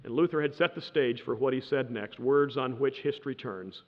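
A man telling history as a dramatic lecture, emphatic, with pauses and swelling stresses. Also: mid-range voice. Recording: dull lo-fi sound in a reverberant hall.

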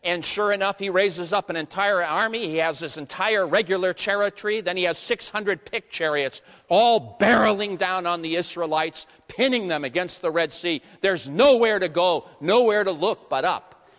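A man's voice: high-pitched, moderate pace, a bit bright. Preaching man in a reverberant hall. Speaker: pastor. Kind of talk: sermon.

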